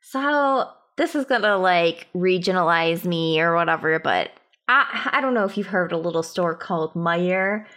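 A woman's voice: on the low side, lively intonation, moderate pace, a bit bright. A woman co-hosting a podcast in casual chat, gushing and enthusiastic, rambling with fillers. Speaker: podcast co-host.

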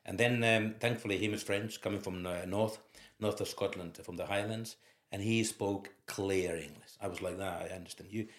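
Speaking in a deep voice at a moderate pace, this Finnish-accented ex-footballer in his fifties recounts lively stories during an interview and keeps laughing through them. The recording has a roomy echo.

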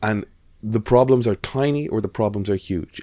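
Man, low voice, dry close mic, casual animated storytelling. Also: fairly quick, hardly any pauses, no room sound. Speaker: podcast guest. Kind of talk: casual chat.

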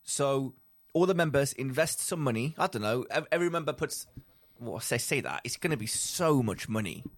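A man co-hosting a podcast, talking in an excitable, rambling way. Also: mid-range voice, moderate pace. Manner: excitable, rambling, laughs often, trails off mid-thought. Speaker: podcast co-host. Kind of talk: casual chat.

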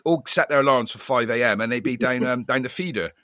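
A quick, chatty man hosting a podcast, his voice bright and sharp. He keeps restarting his sentences as he talks it through, and the sound is dry and close. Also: mid-range voice, no echo. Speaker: podcast host. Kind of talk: casual podcast chat.

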